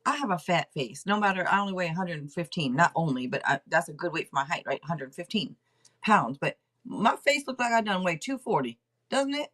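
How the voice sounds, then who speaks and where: Brief: middle-aged woman, livestream tarot host, low-ish voice that swings up and down a lot, rambling self-talk. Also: big pitch swings, a little fast. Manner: rambling, chatty, talks out loud to herself. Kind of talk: casual livestream tarot reading.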